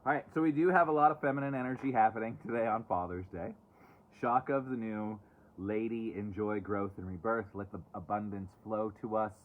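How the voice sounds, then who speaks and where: Guy doing a live oracle card reading outside, kinda low voice, sarcastic side comments, tinny phone sound. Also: fairly even intonation, fairly quick, a little hiss or hum. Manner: chatty, sarcastic asides, fidgety. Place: outdoors, away from home.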